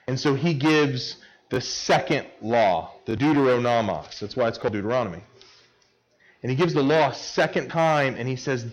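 A man's voice: normal speed, low-quality recording. A man in his thirties preaching a sermon to kids at camp, playful and joking, rising sharply when he stresses a word. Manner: lively, climbs in pitch and loudness when stressing a word; playful and joking with a young audience. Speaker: camp speaker.

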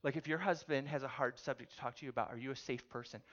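A man preaching a sermon, telling a story with animated delivery and putting questions to his audience. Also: medium pitch, quick pace, highs cut off. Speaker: pastor.

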